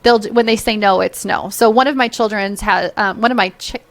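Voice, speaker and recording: A woman's voice: medium pitch, brisk. A woman parent coach who is a guest on a podcast, talking candidly in casual conversation with filler words. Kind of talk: casual interview chat.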